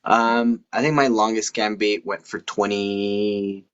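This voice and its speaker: A man guesting on a casual chat, speaking in a halting, laid-back way with lots of fillers. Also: fairly low pitch, flat delivery, smooth, highs cut off. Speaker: guest, scam baiter.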